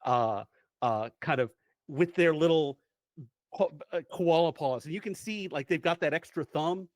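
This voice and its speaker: A man's voice: fairly high pitch, a little slow, no room sound, studio quality. A man running a tabletop role-playing game as game master, narrating playfully with frequent restarts.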